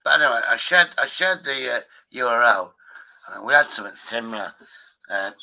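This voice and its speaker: Forceful, cursing streamer. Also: male voice, mid-range voice, lively intonation, brisk, vocal fry, rough recording. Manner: rambling and profane. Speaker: live stream host. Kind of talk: casual chat.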